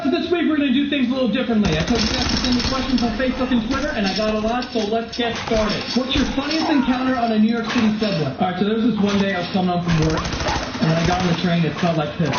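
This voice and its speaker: A young man and comedian vlogger telling crude, animated stories full of swearing. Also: sits high, racing. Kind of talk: comedic storytelling. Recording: very echoey dull recording with noise.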